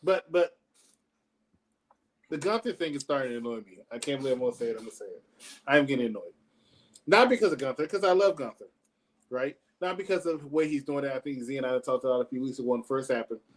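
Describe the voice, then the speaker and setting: A man's voice: mid-range voice, quick pace. A man co-hosting a wrestling review, joking sarcastically in casual chat and laughing at his own lines. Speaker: podcast co-host reviewing wrestling.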